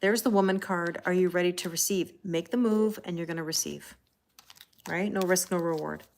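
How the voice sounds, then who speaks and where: Chatty Canadian woman, low voice. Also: fairly even intonation, moderate pace, a little hiss or hum. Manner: chatty, laughs often, answers viewer comments. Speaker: tarot reader. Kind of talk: casual live-stream tarot reading.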